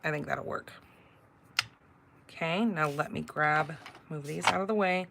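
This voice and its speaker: A woman's voice: sits low, unhurried, vocal fry, noisy background. A middle-aged woman hosting a live card-making class, chatting casually and rambling into stories with filler words while she works. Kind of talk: casual live crafting demonstration.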